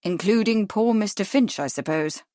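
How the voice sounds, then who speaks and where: Woman narrator doing a gentleman investigator, courteous, measured, inquisitive, dry audiobook sound. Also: sits high, no echo, lightly acted. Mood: somber.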